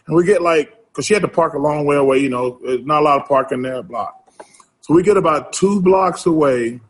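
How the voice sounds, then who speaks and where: A middle-aged man with a drawl tells a long story in a husky, grainy voice. He acts out each line of dialogue as he goes. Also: on the high side. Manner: animated storyteller, acts out quotes. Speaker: interview guest. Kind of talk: casual storytelling.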